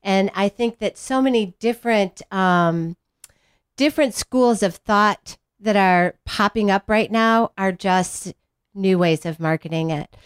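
A woman's voice: mid-range voice, unhurried, clean tone, no echo, clean studio sound. Agreeable woman co-host. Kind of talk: casual podcast conversation.

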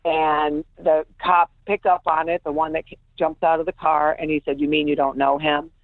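A woman's voice: low voice, normal speed, no room sound. A woman guest telling an emotional personal story, acting out what people said, heard over a phone line. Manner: animated, acts out quoted voices.

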